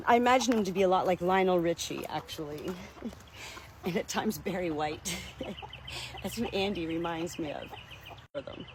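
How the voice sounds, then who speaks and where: A woman chats casually while tending her hens, talking to a phone livestream outdoors, and laughs easily. The phone audio sounds open and outdoor. Chickens and roosters are clearly audible behind her. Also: on the low side, background noise. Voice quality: chatty, laughs often. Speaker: backyard chicken keeper. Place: outdoors at a farm chicken coop.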